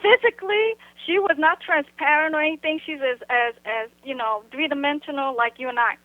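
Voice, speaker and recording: Female phone guest, high voice, thin phone sound, blunt and halting. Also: dry recording. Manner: blunt, halting, full of "you know" and "like". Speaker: guest recounting an encounter. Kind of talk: casual phone interview. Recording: tinny phone line.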